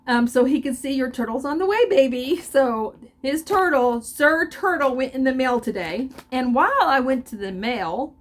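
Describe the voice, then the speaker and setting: An older woman with a fairly high voice talks in a loose, chatty way, stopping and restarting her sentences. She comes across as openly emotional and often laughs between thoughts. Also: slight background noise. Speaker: crochet vlogger. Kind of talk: casual chat.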